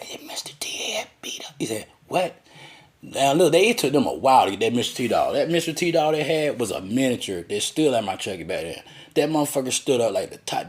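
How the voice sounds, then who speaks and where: A man telling a crude, profane, rambling story about his childhood. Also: medium pitch.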